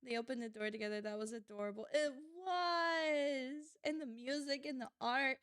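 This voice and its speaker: A woman's voice: high-pitched, moderate pace, fairly bright tone, clean tone, dry recording, studio quality. A young woman live-streaming a video game, reading its text aloud and chatting casually and emotionally with her viewers, laughing and swearing often.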